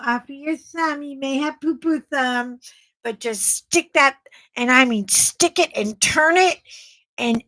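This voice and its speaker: A woman's voice: high voice, fairly bright tone, dry recording, rough recording. A middle-aged woman hosting a casual live chat with viewers, blunt and chatty, often laughing as she talks. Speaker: livestream host.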